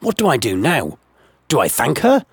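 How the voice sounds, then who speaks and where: A man's voice: mid-range voice, huge pitch swings, normal speed, slightly rough, no echo. A man telling a comic first-person story in a dry, sarcastic, wry manner. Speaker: narrator and host of a comic series.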